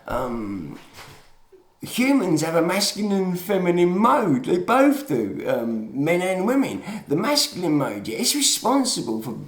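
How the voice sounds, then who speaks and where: A man's voice: sits high, huge pitch swings, unhurried, roomy sound. A man giving a rambling, emphatic monologue full of swearing and chatty asides. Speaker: video lecturer.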